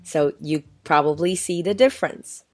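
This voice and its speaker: A woman's voice: low-pitched, normal speed, no room sound. A woman co-hosting an educational chat whose first language is Mandarin Chinese, curious and asking questions as she explains things in two languages. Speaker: co-host.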